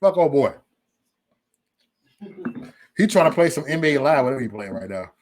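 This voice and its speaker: A man hosting a casual livestream, joking loudly and cursing, breaking into laughter often. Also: medium pitch, very animated, normal speed, a crowd in the background. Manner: loud, joking, profane banter with frequent laughs. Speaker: live stream host.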